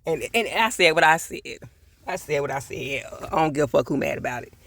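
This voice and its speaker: A man's voice: a little high, lively intonation, a little fast, fairly bright tone, dry recording. A man giving a casual, blunt TV episode review, swearing freely and repeating his points for emphasis. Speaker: TV show reviewer.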